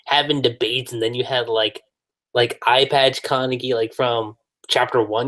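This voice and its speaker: A podcast guest in casual chat, relaxed and chatty, laughing along and using lots of fillers. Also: mid-range voice, a little slow.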